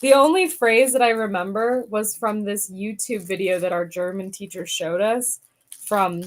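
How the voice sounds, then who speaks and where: A woman's voice: mid-range voice, normal speed. A young woman chatting casually while crafting, bubbly and playful, laughing often. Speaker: guest, stepdaughter.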